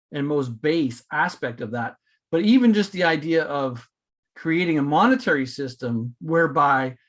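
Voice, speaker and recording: A man hosting a casual spiritual podcast, talking in a rambling way with many fillers and restarts. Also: a little high. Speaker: podcast host.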